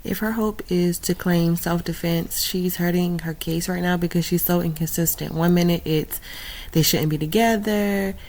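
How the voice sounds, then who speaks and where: A woman's voice: on the low side, steady tone, moderate pace, a little mellow. A woman commenting on a criminal case in an analytical, matter-of-fact way.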